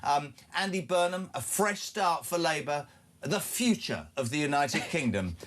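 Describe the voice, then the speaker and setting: A man's voice: a little high, lively intonation, a little slow, background noise. An English man hosting a breakfast radio show in a studio, talking in a mocking, jokey way and laughing often. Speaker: radio host.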